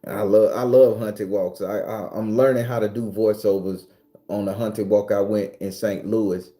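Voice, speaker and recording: A man hosting a casual livestream, talking loosely, cursing freely and answering viewer comments, sometimes breaking into loud, high ranting. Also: steady tone, normal speed. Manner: swings into loud, high-pitched ranting at times. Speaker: livestream host.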